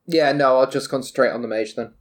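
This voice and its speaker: A man's voice: medium pitch, fast talker, background noise. Matter-of-fact male player. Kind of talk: casual chat at a tabletop game.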